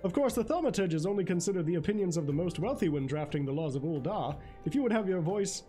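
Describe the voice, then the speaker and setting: A man's voice: high-pitched, expressive, quick pace, warm tone, soft background music. A man reading aloud the lines of a genteel, well-spoken male informant in a game, in a florid, formal way. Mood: courtly.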